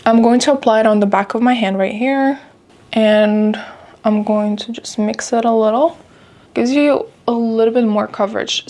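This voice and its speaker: A woman's voice: medium pitch, darkish tone. A young woman chatting casually through a makeup tutorial, talkative and heartfelt with lots of filler words. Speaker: beauty vlogger.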